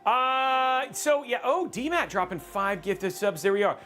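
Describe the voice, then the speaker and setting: A man hosting a casual livestream, rambling and excitable, joking about himself. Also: extremely high pitch, measured pace, faint music behind. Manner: excitable, rambling, self-mocking. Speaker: livestream host.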